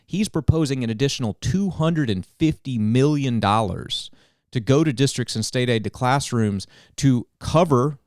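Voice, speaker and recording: A man, a governmental affairs director explaining policy in an earnest, animated podcast chat. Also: mid-range voice, no room sound, clean studio sound. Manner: earnest, detailed and animated, with quick restarts.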